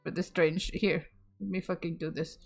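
A woman's voice: fairly low pitch, steady tone, moderate pace, creaky, a little mellow, faint music behind. A playful young woman streaming a game, chatting and laughing often. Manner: giggly, playful, swears.

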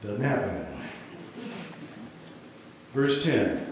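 Male preacher, slow dramatic sermon, lively pitch, heard from afar in a big echoing hall. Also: a little hiss or hum. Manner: dramatic storytelling. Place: large church hall. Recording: echoey hall, mic far off.

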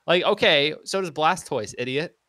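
A young man streaming a game, chatting casually in an excitable, rambling way and slipping into silly voices. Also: a little high, normal speed, no echo, clean studio sound. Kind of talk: casual gaming stream chat.

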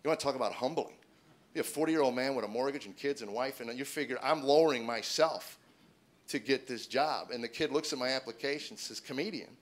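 A fast-talking male comedian in his forties working a live crowd with a self-deprecating story about his own life. He acts out every exchange in the dialogue himself, jumping between a small, deflated mutter and excited near-shouts. His voice sits at an ordinary middle pitch. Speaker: stand-up comedian. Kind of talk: stand-up storytelling. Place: stage before a live audience.

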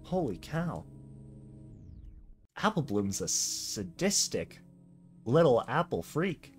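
A reader casually reacting to and reading out a slideshow comic, full of excited exclamations. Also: medium pitch, slow pace, faint music behind.

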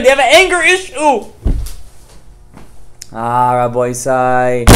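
A man's voice: sits high, fairly bright tone. A man, a rabbi, giving a Torah class to parents, firing rhetorical questions at his listeners and dropping Hebrew terms into his talk.

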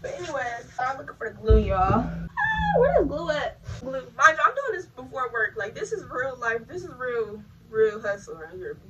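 A young adult woman telling a story casually to her viewers while she does her hair, animated and profane. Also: on the high side, a little fast, few pauses, far from the mic, a loud crowd, poor audio. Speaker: vlogger.

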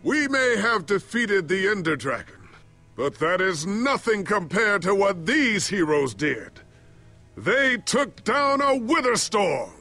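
An actor voicing a noble, remorseful older warrior in a video game, speaking in a solemn, earnest way. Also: male voice, sits high, very animated, takes it slowly, pushed and bright, faint music behind, exaggerated voice. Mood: proud, earnest.

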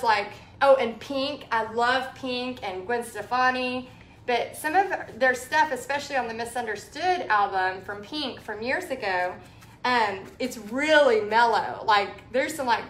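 A woman with a Texan drawl chats her way through a painting lesson, rambling as her brush works. Her voice sits a little high. The room gives it a noticeable echo. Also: a bit bright. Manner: chatty and rambling, talking while painting. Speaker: painting instructor. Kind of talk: live painting tutorial chat. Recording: echoey room.

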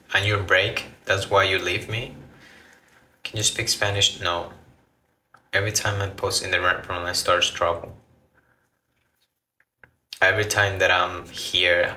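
A man's voice: fairly low pitch, bright, forceful tone, reverberant, a little hiss or hum. A man chatting casually with viewers on a livestream, rambling and restarting his phrases as he reacts to comments. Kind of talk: casual live chat with viewers.

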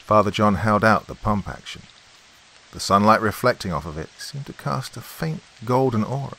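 Low-voiced man narrating a horror story. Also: normal speed, low-quality recording. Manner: dramatic, lively storytelling. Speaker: host and narrator.

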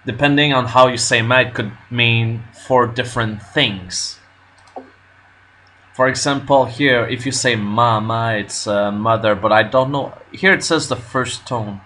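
A man working through a language lesson on his own, nervous and unsure of himself, pausing often with fillers. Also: medium pitch, pushed and bright, a little hiss or hum. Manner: nervous, self-doubting, halting with fillers. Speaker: language learner vlogger. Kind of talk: casual self-recorded lesson commentary.

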